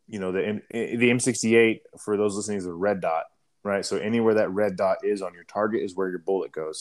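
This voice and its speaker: Young adult man, lowish voice, casual profane storyteller, throat-clearing habit. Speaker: guest telling a war story.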